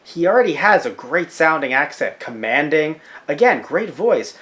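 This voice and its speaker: A man co-hosting a TV review podcast, chatting casually and joking around with quick shifts between thoughts. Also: a little high, very animated, fairly bright tone. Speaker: podcast co-host.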